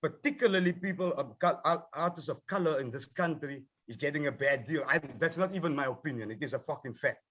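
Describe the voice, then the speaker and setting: A man's voice: fairly high pitch, quick pace, hardly any pauses, fairly bright tone, dull audio. A man, a rapper on a panel, talking with passion and heat, swearing often and repeating himself. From South Africa. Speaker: rapper, film subject. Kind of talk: heated panel discussion.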